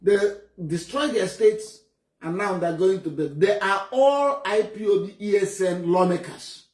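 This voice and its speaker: A man's voice: high voice, measured pace. A man from Nigeria with a Nigerian English accent, giving heated, blunt political commentary. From Nigeria (Enugu State). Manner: indignant, emphatic, blunt. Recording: roomy echo.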